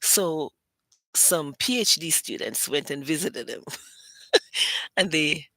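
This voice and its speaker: Bright-voiced woman telling stories. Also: deep voice, slow pace, long pauses, no echo. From Britain. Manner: animated, acts out other people's voices. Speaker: host. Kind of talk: casual storytelling monologue.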